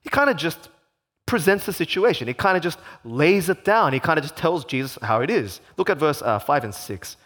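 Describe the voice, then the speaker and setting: Lively, expressive male preacher. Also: on the high side, a little fast. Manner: expressive, rhetorical questions, repeats lines for emphasis. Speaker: pastor. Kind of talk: sermon.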